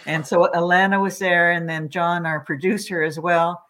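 Chatty woman guest, lively storyteller. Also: lowish voice, normal speed. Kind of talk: casual interview chat.

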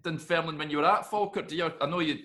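Quick-talking male interview host. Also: fairly high pitch, bright, forceful tone. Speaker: podcast host. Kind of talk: casual interview questions.

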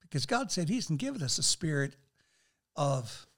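A man's voice: a little high, normal speed. An older man, a guest on a faith talk show, speaking earnestly and quoting scripture as he shares. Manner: earnest, animated, quotes scripture.

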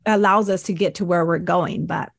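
A woman's voice: on the low side, steady tone, moderate pace, creaky, no echo, clean studio sound. A woman, a podcast guest and breathwork mentor, telling her life story in a casual interview and acting out her past thoughts as quotes.

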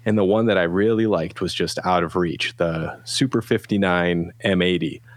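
A man with a very low voice, telling a relaxed, rambling story in casual chat. He acts out what people said. The sound is dry and close, with no room echo. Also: normal speed. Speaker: guest, pedal company founder.

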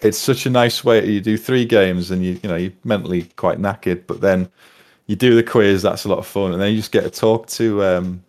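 A man's voice: on the low side, steady tone, brisk, a little mellow. A man, co-hosting a podcast in casual chat, with dry, wry humor. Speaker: podcast co-host.

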